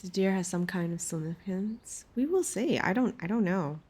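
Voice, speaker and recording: A woman's voice: medium pitch, lively intonation, moderate pace, a little mellow, slightly rough. A woman streamer musing aloud as she plays a narrative game. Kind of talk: casual game commentary.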